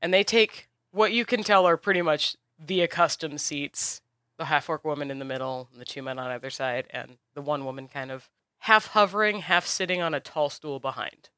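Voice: medium pitch, moderate pace, bright, forceful tone, clear, resonant tone, no room sound. A game master narrating a tabletop game in a casual, descriptive way, with frequent fillers.

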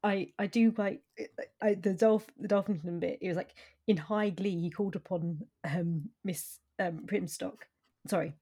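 A woman's voice: lowish voice, unhurried, dark tone, breathy edge. A woman co-hosting a podcast, chatting about a book with giggly enthusiasm and frequent restarts. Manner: giggly, enthusiastic, stumbles over words. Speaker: podcast co-host. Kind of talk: casual book discussion.

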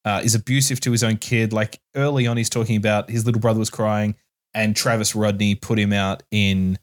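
A man's voice: fairly low pitch, level tone, brisk. A man co-hosting a podcast, chatting bluntly about a book with jokey asides and casual swearing. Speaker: podcast co-host.

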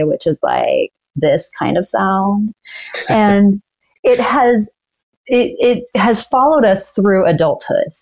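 Woman in her forties, lower-pitched, earnest explainer, interview guest. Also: darkish tone. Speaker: dental attorney guest. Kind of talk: casual interview talk.

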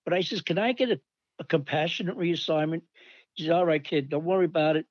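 An older man rambles through old army stories and animatedly acts out the people he quotes. His voice sits a touch high. The recording is dull and dry. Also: quick pace, dry recording. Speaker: storyteller recalling army days. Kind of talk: casual anecdote.

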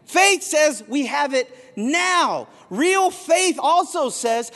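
A man preaching a sermon as pastor, telling a story and building to shouted emphasis. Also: extremely high pitch, very animated, slow pace, hardly any pauses. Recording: long hall reverb.

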